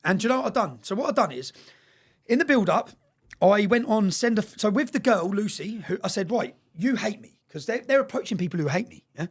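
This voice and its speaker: A man telling a story in an interview, talking fast, swearing and repeating words, often asking "yeah?". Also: sits high, expressive, breathy edge. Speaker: interview guest.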